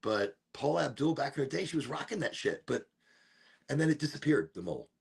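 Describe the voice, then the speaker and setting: A man's voice: medium pitch, big pitch swings, fast, gravelly, breathy edge. A man hosting a live stream, rambling and swearing in a laid-back chat. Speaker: livestream host.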